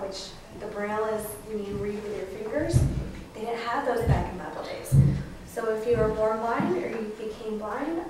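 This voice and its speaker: A young woman student teacher telling a Bible story to first graders, animated, acting out voices and prompting the children. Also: fairly high pitch. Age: young adult. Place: school classroom. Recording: echoey room from far off with noise.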